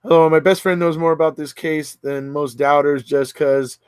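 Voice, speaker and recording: A man with a fairly high, steady, clear and resonant voice speaks at a normal pace, with no room sound. He's hosting a casual livestream, reading viewer comments aloud and answering them in a chatty way, often restarting sentences and using fillers.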